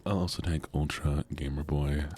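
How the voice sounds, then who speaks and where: A tired, soft-spoken man streaming from home, chatting in a groggy morning voice with drifting pauses. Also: very deep voice, steady tone, faint music behind.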